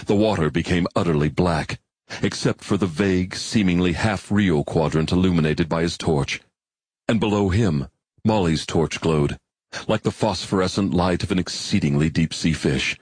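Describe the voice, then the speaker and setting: A man narrating an audiobook in a measured storytelling manner. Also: sits low, slightly rough, no room sound. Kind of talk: scripted narration.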